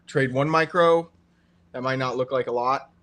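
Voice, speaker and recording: A man co-hosting a live stream, explaining in a relaxed way with many fillers. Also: medium pitch, normal speed. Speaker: co-host and trader. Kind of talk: casual live-stream chat.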